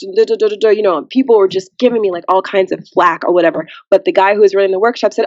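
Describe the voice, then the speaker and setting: A woman's voice: medium pitch, fast, few pauses, no room sound, highs cut off. A woman guest on a podcast, chatting casually and acting out the people in her story. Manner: animated storyteller who acts out quotes.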